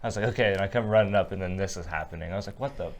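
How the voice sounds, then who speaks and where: Young male co-host, low and relaxed, laughs easily, trails off. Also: very fast. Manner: laid-back, laughs between lines, trails off quietly. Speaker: podcast co-host. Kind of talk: casual chat.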